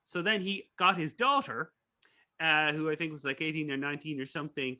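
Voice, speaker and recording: Speaking with a bright, forceful tone and a slightly high voice, this Irish man talks briskly as a guest in an informal interview. He's a business professor who wanders through his stories, leaning on fillers and restarting often.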